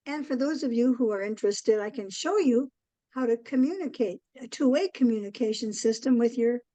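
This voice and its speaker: An older woman, a guest in an interview, telling a long story in a rambling way, with many pauses and "um"s. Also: on the high side, dark tone, no room sound, rough recording. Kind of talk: casual interview chat.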